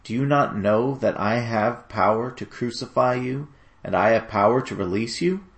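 A man's voice: mid-range voice, moderate pace, lightly acted. A man voicing a troubled, wavering Roman governor who questions and pleads with a crowd, in a dramatic scripture reading. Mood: uneasy.

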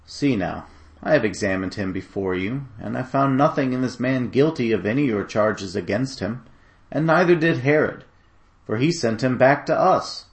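A man's voice: mid-range voice, normal speed, lightly acted. A man reading as a wavering Roman governor. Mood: reasoning. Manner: questioning, pleading with a crowd. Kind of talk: dramatic scripture reading.

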